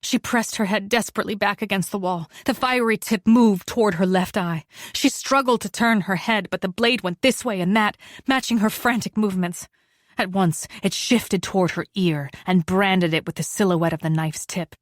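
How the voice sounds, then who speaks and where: A woman narrating an audiobook thriller in a steady, measured reading, giving the characters their lines. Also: medium pitch, dry recording, studio quality. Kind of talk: scripted narration.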